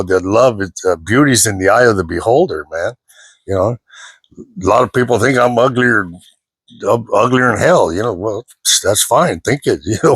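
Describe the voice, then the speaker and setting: Older man, low husky voice, dry close sound, rambling pep talk full of fillers. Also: a bit bright, no room sound. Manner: rambling, repeats himself with lots of fillers. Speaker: self-help speaker. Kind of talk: informal motivational talk to camera.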